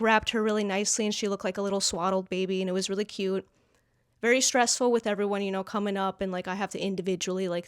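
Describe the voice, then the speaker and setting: A woman's voice: medium pitch, no room sound, clean studio sound. A young woman telling a storytime monologue to camera, blunt, sarcastic and exasperated. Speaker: vlogger.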